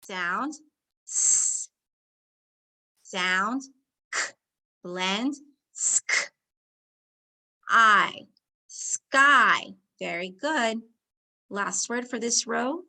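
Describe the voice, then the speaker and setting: A woman teacher, slowly leading young children through a phonics lesson, sounding out words and giving warm encouragement. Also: on the high side, expressive.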